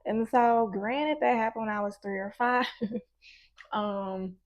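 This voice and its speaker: A woman's voice: fairly high pitch, slow pace, muffled recording. Chatty, encouraging woman tarot reader. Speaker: tarot reader and life coach. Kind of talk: casual tarot reading monologue.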